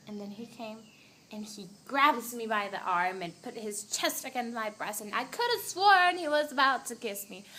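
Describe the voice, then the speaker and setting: A woman's voice: fairly high pitch, fairly bright tone, slight background noise, poor audio. A teenage girl, venting in a rambling, dramatic storytime vlog, acting out quotes and dropping to a whisper at times.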